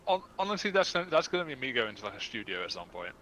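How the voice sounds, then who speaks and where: A young man talking on a group call, stammering and joking as he goes. His voice is bright and forward, with faint noise in the background. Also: mid-range voice, very animated. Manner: quick, stammery, often laughing. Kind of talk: casual chat.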